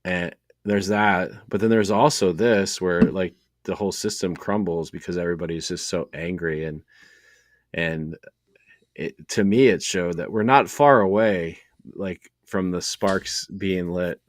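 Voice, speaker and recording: A man's voice: low voice, no echo. A man co-hosting a casual faith podcast, talking in a rambling way with many fillers and restarts. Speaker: podcast co-host.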